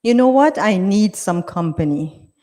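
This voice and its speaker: A woman's voice: mid-range voice, animated, measured pace, warm tone, close to an everyday voice. Frail dying mother, as a woman narrator voices her. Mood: pleading. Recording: reverberant hall.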